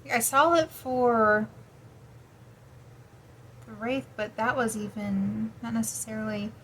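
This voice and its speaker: A woman's voice: a little high, fairly even intonation, slow, fairly bright tone, a little hiss or hum, poor audio. A woman vlogging as she researches folklore, thinking aloud, sleepy and snacking, often trailing off. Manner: snacking while talking. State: sleepy, yawning. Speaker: paranormal lore vlogger. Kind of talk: casual research vlog.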